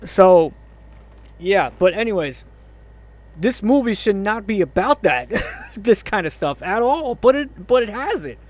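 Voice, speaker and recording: A man's voice: high voice, expressive, a little slow. A man ranting angrily about a movie, swearing a lot, groaning in exasperation and laughing in disbelief. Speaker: movie reviewer. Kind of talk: angry movie review rant.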